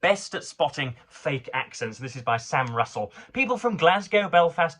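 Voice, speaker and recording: A man with a fairly bright voice on the high side reads newspaper items aloud as a vlogger. He trips over his words a lot, pausing with fillers and starting over, and slips in dry, sardonic commentary.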